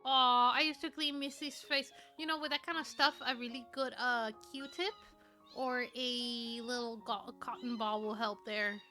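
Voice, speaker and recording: Woman streamer, high voice, bright tone, slow gushing baby talk, faint music behind. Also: fairly even intonation. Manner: gushing, cooing baby talk at a cat video. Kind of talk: casual livestream reaction chat.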